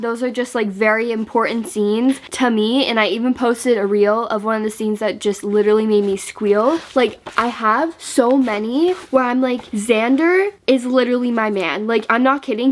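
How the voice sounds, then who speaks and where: Gushing young woman book vlogger. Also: fairly high pitch. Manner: gushing, excitable, lots of "like" and restarts. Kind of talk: casual vlog chat.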